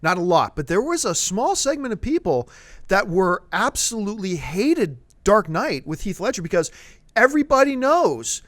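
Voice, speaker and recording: A male host in a casual movie news discussion, animated and talking at length before handing off to a co-host. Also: sits high, normal speed. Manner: animated, talks at length and admits it.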